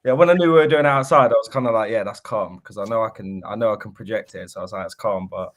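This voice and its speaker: A man, a guest rapper on a live call, talking in a relaxed, matter-of-fact way. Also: lowish voice, quick pace. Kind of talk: casual chat on a call.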